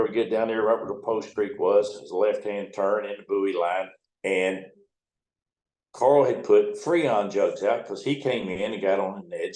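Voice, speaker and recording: With a somewhat mellow voice on the low side, this retired river towboat captain from the United States, an older man, spins casual stories that are folksy and salty. He voices others' quoted lines and doesn't shy from profanity; the room echoes noticeably.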